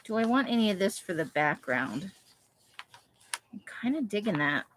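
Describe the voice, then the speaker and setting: A woman's voice: mid-range voice, sing-song, normal speed, noisy background. Chatty woman crafting while she talks. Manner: chatty, thinks aloud, many "like" fillers. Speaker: craft livestream host. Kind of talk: casual chat while crafting. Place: home craft room, Las Vegas.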